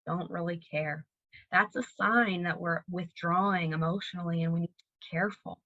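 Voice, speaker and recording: Woman presenting a calm lesson, dry sound. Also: on the low side, normal speed, no echo, muffled recording. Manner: clear, steady teaching delivery with examples. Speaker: library presenter. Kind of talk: recorded educational presentation.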